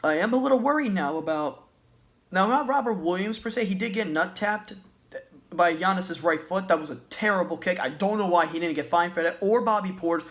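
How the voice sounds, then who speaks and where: A man's voice: high-pitched, a little fast, a bit bright. A man ranting as a basketball fan in a vlog, agitated, profane and repeating himself. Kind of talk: sports rant vlog.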